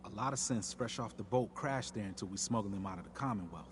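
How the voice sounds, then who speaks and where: An easygoing male resistance agent, played by an actor in a video game, chatty and reassuring. His voice sits fairly low. Clear background noise runs under the game audio. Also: fast talker, close to an everyday voice.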